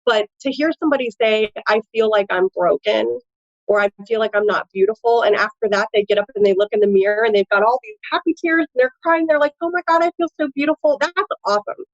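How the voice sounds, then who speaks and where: Speaking fast in a mid-range voice, this Midwestern American woman, a tattoo artist and nurse, chats animatedly through a casual interview, leaning heavily on fillers. The recording is lo-fi and has no echo.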